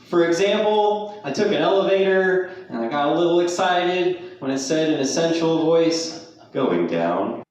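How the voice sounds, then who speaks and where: A man rehearsing stand-up jokes out loud, restarting lines and laughing at his own punchlines. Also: sits high, moderate pace, a little hiss or hum. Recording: very echoey room, mic far off.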